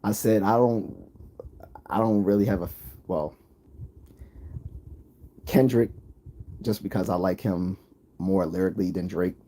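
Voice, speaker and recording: A man with a low, husky voice and an East Coast accent talks loosely on a livestream. His tone is mellow and opinionated, and he wanders from point to point as he answers viewers' comments. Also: steady tone, unhurried, pauses often. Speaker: livestream host. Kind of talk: casual livestream chat.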